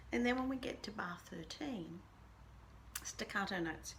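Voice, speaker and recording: A woman's voice: mid-range voice, expressive, a little slow, vocal fry, a bit bright, a little hiss or hum. A woman teaching a band lesson, walking students through a piece step by step and singing rhythms on nonsense syllables. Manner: patient, explains step by step. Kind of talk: recorded music lesson.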